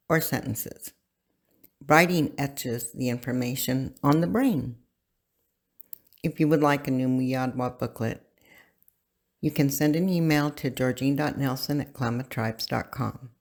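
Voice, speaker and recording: Slow, deliberate language teacher. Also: medium pitch, vocal fry. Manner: slow, deliberate, pausing for learners to repeat. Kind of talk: recorded language lesson.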